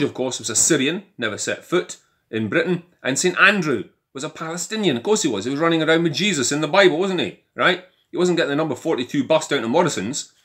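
An older man with a Scottish accent, delivering an animated opinion monologue full of rhetorical questions. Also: a little high. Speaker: commentator.

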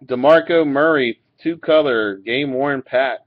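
Unhurried and medium-pitched, a man reads out cards while casually breaking packs. He swears and laughs every so often in a laid-back way, and the webcam mic leaves the recording sounding dull and lo-fi.

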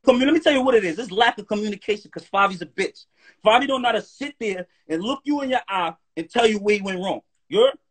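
A man's voice: high-pitched, fast, breathy edge. A man talking as a guest on a live stream in a heated, profane rant, often checking "you heard?". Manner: profane, animated, keeps asking "you heard?".

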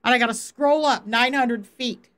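A woman faith coach giving informal Bible teaching, animated, laughing and acting out quotes as she talks. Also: a little high, normal speed.

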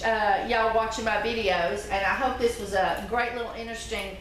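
A middle-aged woman talks to her viewers in a chatty, folksy way, dotted with fillers and easy laughter. Her voice sits a little high. The recording is very echoey, with a faint hum of background noise. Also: steady tone, normal speed, hardly any pauses. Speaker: soap maker and channel host. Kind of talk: casual chat to viewers.

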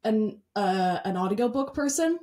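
A woman's voice: mid-range voice, expressive, a little slow, mellow. A young woman hosting a podcast in a casual, bubbly way, laughing often. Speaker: podcast host.

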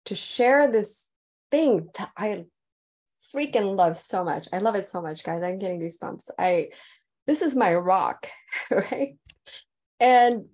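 A woman's voice: medium pitch, darkish tone. Calligraphy lady sharing her story on a video call, super enthusiastic and heartfelt. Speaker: calligraphy teacher presenting at an online conference. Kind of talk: personal storytelling presentation.

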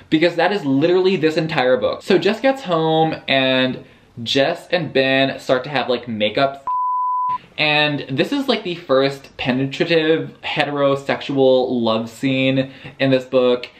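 Sassy young man recapping a book. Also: medium pitch. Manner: sassy, profane, animated quoting of characters. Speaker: book reviewer. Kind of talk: casual book vlog recap.

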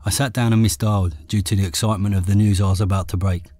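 Low-voiced English man narrating an audiobook. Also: no room sound. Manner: steady, measured reading. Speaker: author reading his own memoir.

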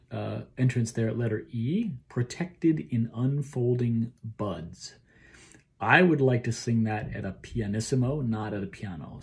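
A choir director leads a rehearsal lesson, talking through phrasing and pronunciation and singing short snippets of the lines, often ending points with a questioning "okay." His voice is fairly low, gravelly and darkish.

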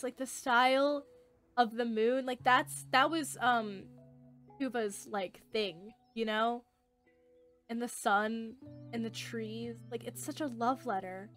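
A woman in her late teens giving excited let's play commentary, gushing, squealing and swearing. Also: a little high, takes it slowly, soft background music.

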